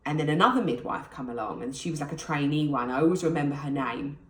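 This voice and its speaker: A woman's voice: low-pitched, animated, fast, far from the mic. A British woman in her thirties, candidly and emotionally retelling a personal experience to camera. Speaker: vlogger. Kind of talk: personal storytelling. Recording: echoey room.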